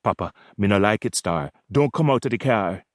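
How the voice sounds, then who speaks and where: A man's voice: lowish voice, lively intonation, moderate pace, no room sound, clean studio sound, pitched below the performer's own voice, close to an everyday voice. A man voicing a nervous young Jamaican gang member who urgently pleads with his boss, with a Jamaican accent. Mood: anxious.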